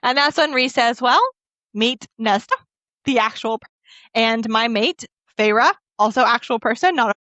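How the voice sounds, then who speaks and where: A woman with a slightly high voice recaps a fantasy novel for a book podcast, quoting the characters' dialogue as she goes. She talks casually and gets emotional over the story. The recording is dull and lo-fi, with a dry, close sound. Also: normal speed, pushed and bright, no room sound. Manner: emotional, laughs and chokes up while recounting.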